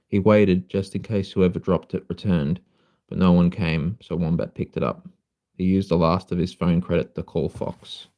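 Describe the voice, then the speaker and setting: A man reading a children's story aloud on a live stream in a sleepy, unhurried way. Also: low voice, level tone, warm tone. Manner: sleepy, unhurried, apologizes for slips and coughs.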